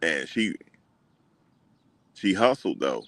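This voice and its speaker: A man hosting a casual livestream, talking back to his chat in an animated way and repeating what others said. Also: low voice, slow pace, creaky, no echo. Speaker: livestream host.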